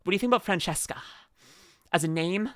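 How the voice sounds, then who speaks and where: A woman's voice: on the low side, fast, a bit bright, no room sound, clean studio sound. A young adult woman streamer chatting casually and playfully, often laughing as she reads chat aloud. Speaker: VTuber streamer.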